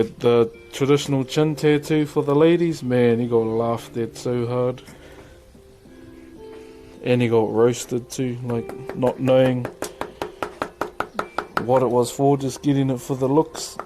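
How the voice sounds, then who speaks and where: Laid-back New Zealand man chatting on stream. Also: medium pitch. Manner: laid-back, chatty, laughs easily, slangy. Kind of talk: casual livestream chat answering viewers.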